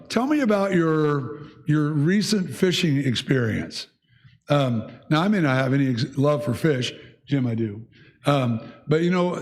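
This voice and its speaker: A man teaching a church Bible class, talking conversationally and asking the group questions. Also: a little high. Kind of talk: leading a church class discussion.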